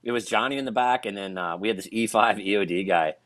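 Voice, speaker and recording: A man, a military veteran, telling a war story in a halting way with many restarts and fillers. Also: lowish voice, a bit bright, dry recording. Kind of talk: casual storytelling.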